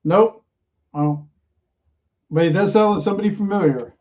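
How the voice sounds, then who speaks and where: A man's voice: high voice, normal speed, darkish tone, lo-fi sound, slight background noise. A man narrating as game master of a tabletop game, teasing the player. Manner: teasing, laughs easily.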